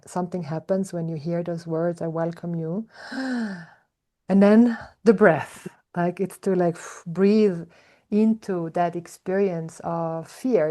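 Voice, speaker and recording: A woman speaks as a spiritual teacher in a slow, searching way, pausing on soft hums. Her voice sits a little low and has a mellow, dark warmth. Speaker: spiritual teacher, podcast host. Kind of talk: reflective spiritual talk.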